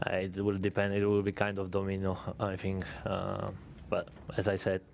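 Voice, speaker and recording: A man, a racing driver, answering a press conference question hesitantly with many pauses. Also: low-pitched, monotone, vocal fry, darkish tone, slight background noise.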